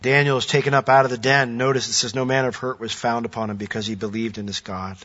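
Male pastor, bright ringing voice, earnest sermon delivery, dull lo-fi sound. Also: mid-range voice, fairly even intonation, fast. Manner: earnest preaching, rising to emphatic declarations.

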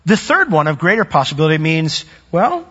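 A male pastor preaching a sermon in an animated way, often acting out the voices of the people he quotes. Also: a little high, moderate pace, breathy edge. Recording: echoey hall, dull lo-fi sound.

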